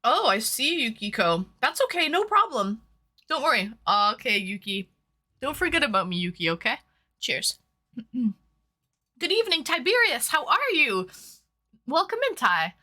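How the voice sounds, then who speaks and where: A woman's voice: sits high, very animated, unhurried, pauses often, sharp tone. A woman from Toronto hosting a casual livestream, greeting viewers by name in a bubbly, chatty way, her nose running from hot sauce. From Toronto, Canada. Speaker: livestream host.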